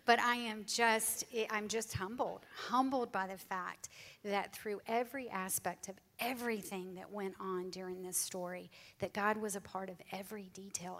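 A woman's voice: mid-range voice, a bit bright. A woman tells her faith testimony to an audience in an earnest, heartfelt way. Her voice sits in a middle register and now and then sinks to a near whisper. The sound carries the long reverb of a large hall. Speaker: guest speaker sharing her testimony.

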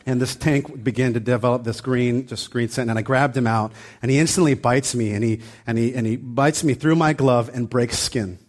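A man's voice: mid-range voice, fairly even intonation, normal speed, hardly any pauses. A man preaching a sermon as pastor, telling a personal story in a loose, conversational way full of fillers and restarts, then building into fervent, emphatic preaching.

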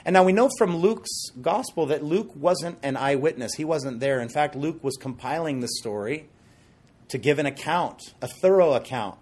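Animated husky-voiced male preacher. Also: a little high, moderate pace. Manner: animated storytelling with acted quotes and asides. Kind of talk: sermon.

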